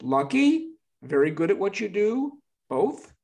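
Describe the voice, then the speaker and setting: A man hosts the podcast, his voice a little high and sitting back from the microphone. He asks his questions in a measured, deliberate way. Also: very animated, gravelly, a little mellow, recorded from a distance. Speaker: podcast host.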